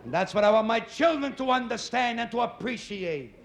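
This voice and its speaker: A middle-aged man doing a stand-up routine, loud and exasperated as he tells stories. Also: very high-pitched, lively intonation, fairly quick, highs cut off, slight background noise. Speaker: stand-up comedian. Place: live comedy stage. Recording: echoey club with loud audience.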